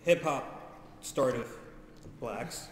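A man in a casual podcast chat, speaking in a measured, reflective way. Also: medium pitch. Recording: echoey room, long reverb, faint noise.

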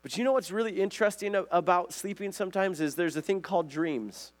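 A man's voice: high voice, fast talker. A man preaching a conversational sermon, earnest and often asking his listeners questions. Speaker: pastor.

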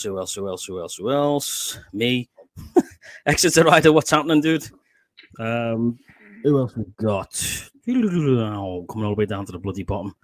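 A man's voice: on the high side, dry recording. A man in his forties with a Liverpool accent hosts a casual live stream. He chats, swears freely and laughs often. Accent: Liverpool English. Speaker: podcast host.

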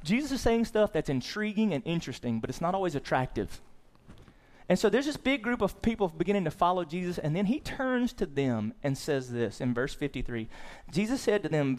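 A male pastor preaching a sermon in an animated way, swinging into loud excited bursts and repeating words as he restarts. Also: a little high, a little fast.

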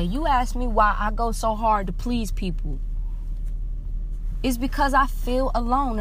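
A woman's voice: medium pitch, a little hiss or hum. A young woman vlogger giving a heartfelt personal confession to camera, often repeating phrases and restarting her sentences.

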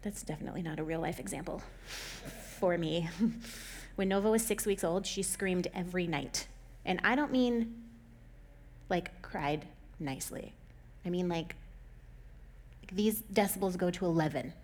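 Chatty woman giving warm-hearted advice. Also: fairly low pitch, normal speed, pauses often. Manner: conversational, laughs often, acts out quotes. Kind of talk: casual advice talk.

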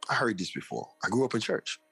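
A man's voice: on the low side, big pitch swings, quick pace, creaky, pushed and bright, husky, soft background music. A young man, an interview guest and author, telling a personal testimony in casual slang and acting out the voices of people he quotes.

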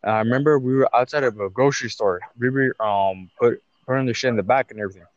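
A man's voice: mid-range voice, fast, no room sound, lo-fi sound. A young man co-hosting a casual podcast, talking in slangy, profane banter and calling his friend "fool" and "bro". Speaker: podcast co-host. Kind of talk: casual chat.

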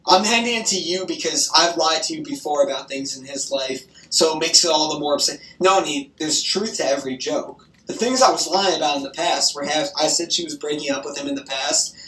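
A woman's voice: sits low, brisk, few pauses, a bit bright. Young woman, swears constantly, gossipy and heated, mid-range voice in a roomy space away from the mic. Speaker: grandchild on the phone. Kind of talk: casual phone chat. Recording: roomy echo, distant from the mic.

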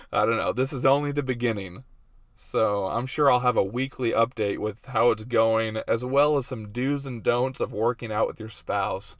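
A man's voice: medium pitch, moderate pace, no echo, clean studio sound. A man in his thirties hosting a casual faith and life vlog, chatty and self-deprecating, laughing often. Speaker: host.

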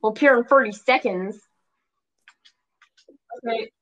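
A woman with a slightly high voice talks through a video game match. She chatters with quick repeated bursts and squeals when things get exciting. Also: highs cut off. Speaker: podcast host and gamer.

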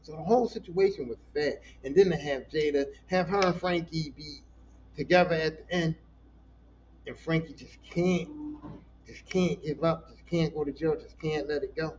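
Animated high-voiced man ranting on a podcast. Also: normal speed, dull audio, slight background noise. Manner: animated, profane, emotional storytelling. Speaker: podcast host. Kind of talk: casual solo podcast talk.

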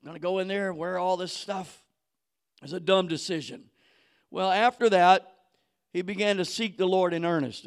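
A man preaching a sermon in casual slang, acting out quoted voices and building to fiery shouts. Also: high voice, normal speed, pauses often. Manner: casual street slang, acts out quoted people. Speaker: pastor.

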